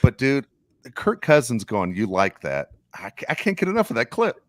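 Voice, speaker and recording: A middle-aged man co-hosting a sports podcast, telling animated stories and acting out quotes. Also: mid-range voice, brisk, dry recording. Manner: animated storyteller, acts out quotes. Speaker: podcast co-host. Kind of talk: casual sports chat.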